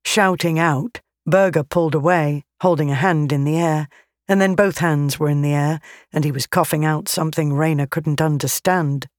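An audiobook narrator reading a fantasy battle scene slowly and deliberately. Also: medium pitch, dry recording, studio quality. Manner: slow, deliberate, even reading.

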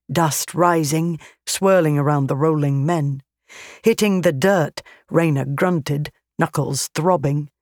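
Slow, deliberate fantasy narrator. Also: medium pitch, dry recording, studio quality. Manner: slow, deliberate, even reading. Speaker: audiobook narrator.

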